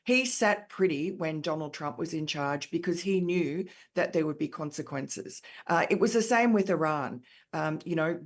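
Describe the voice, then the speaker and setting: Low, deep-toned Australian woman, middle-aged, emphatic interview talk, lots of ums. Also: moderate pace, hardly any pauses. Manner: frequent fillers, emphatic. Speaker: author and columnist guest. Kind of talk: conversational interview answers.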